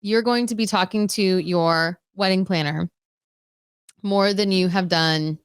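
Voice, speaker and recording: Young woman podcast cohost, animated storyteller, middle pitch, dry close mic. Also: measured pace, clear, resonant tone, no room sound. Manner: animated storyteller who acts out conversations. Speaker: podcast co-host. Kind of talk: casual chat.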